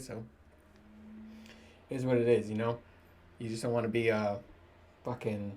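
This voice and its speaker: A man's voice: mid-range voice, darkish tone. A man in his thirties, a podcast host, rants casually to the camera, swearing and laughing as he goes. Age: 30s. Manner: profane, joking, laughs often. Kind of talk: casual solo rant to camera.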